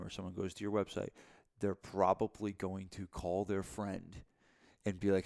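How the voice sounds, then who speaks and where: Male podcast co-host, very low and gravelly, loose rambling delivery. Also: level tone, fairly quick, a little mellow. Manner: rambling, many fillers and restarts. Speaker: podcast co-host, gym owner and mentor. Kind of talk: casual podcast chat.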